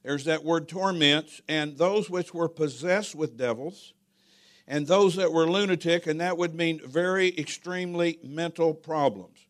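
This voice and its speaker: A man's voice: on the high side, unhurried. A middle-aged man, a pastor preaching a sermon and telling stories in a folksy, humorous way. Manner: folksy, humorous, animated storytelling. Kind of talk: sermon with storytelling.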